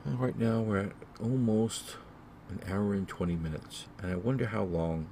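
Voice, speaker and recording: Male solo podcast host, deep mellow voice, rambling and repetitive, heavy on fillers. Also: moderate pace, a little hiss or hum. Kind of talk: solo casual podcast monologue.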